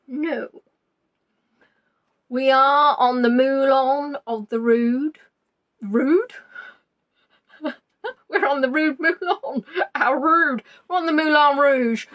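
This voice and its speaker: A woman's voice: high-pitched, a bit bright. A woman hosting a quiz, chatty and teasing, reading out answers as they come in. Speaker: quiz host. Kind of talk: live online quiz chat.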